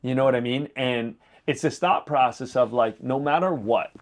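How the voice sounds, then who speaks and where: A man's voice: medium pitch, normal speed. A man from Los Angeles, a podcast guest, telling a story in casual, loose talk full of fillers and acted-out dialogue. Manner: animated, acts out quoted dialogue, loose filler-heavy phrasing.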